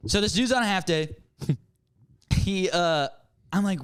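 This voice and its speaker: Young male co-host, high voice, animated and profane, plays every part in his anecdotes. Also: unhurried, smooth. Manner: animated, profane, acts out quoted people. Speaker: podcast co-host. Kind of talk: casual comedic storytelling.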